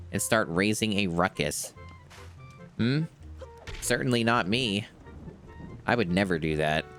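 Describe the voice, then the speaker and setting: A man's voice: lowish voice, lively intonation, a little slow, long pauses, fairly bright tone, soft background music. A man streaming a video game, musing aloud in a rambling, casual let's-play commentary.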